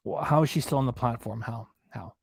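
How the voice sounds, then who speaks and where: A man's voice: medium pitch, a little fast, vocal fry, slightly rough, no room sound, studio quality. A man delivering angry, indignant commentary, ranting and repeating himself. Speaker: reaction channel commentator.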